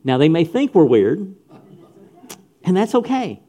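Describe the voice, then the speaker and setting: A middle-aged pastor preaches to youth in an emphatic style, repeating phrases and addressing the audience directly. His high-pitched, mellow voice swings widely in pitch and moves a little slowly.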